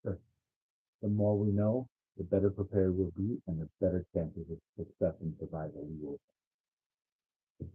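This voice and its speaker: A man's voice: sits low, level tone, moderate pace, pauses often, husky. A man playing a tabletop game, answering with brief replies and short questions. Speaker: player. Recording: phone-like lo-fi recording.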